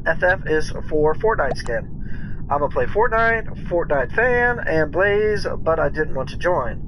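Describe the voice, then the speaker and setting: A man's voice: on the high side, background noise. A man streaming a game live, chatting casually, greeting viewers by name and reading their messages aloud.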